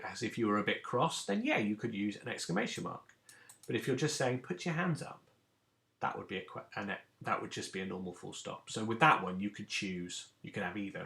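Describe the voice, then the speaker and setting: A man's voice: fairly low pitch, gravelly, pushed and bright. A man, a teacher giving a recorded lesson to children and explaining each step patiently. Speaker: primary school teacher.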